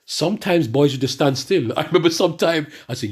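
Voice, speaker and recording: A middle-aged man ranting in a monologue and reading scripture to the brethren, animated and repetitive, often stumbling over restarts. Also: a little high, brisk, breathy edge. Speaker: religious speaker addressing the brethren.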